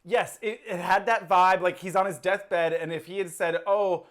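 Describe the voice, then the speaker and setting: Lower-voiced woman in relaxed review chat. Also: moderate pace. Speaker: podcast co-host, movie reviewer. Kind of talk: casual chat.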